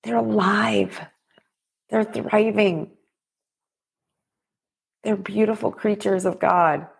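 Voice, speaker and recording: A woman's voice: mid-range voice, fairly even intonation, slow, vocal fry, slightly rough. A middle-aged woman hosting a podcast, giving a heartfelt motivational talk straight to her listeners. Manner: heartfelt, preachy, direct address to listeners. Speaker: podcast host and business coach.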